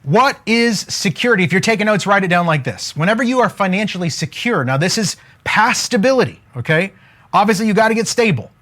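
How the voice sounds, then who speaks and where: On a live stream, a man coaches viewers about wealth with a high-pitched, brisk voice. He's energetic and casual, cracking jokes and sounding like a preacher as he keeps urging people to comment.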